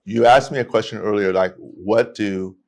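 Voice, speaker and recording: A man, a podcast guest telling stories in a lively way with many restarts. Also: lowish voice, normal speed. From United States. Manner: animated storytelling with many restarts. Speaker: guest, immigration attorney. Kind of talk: casual podcast conversation.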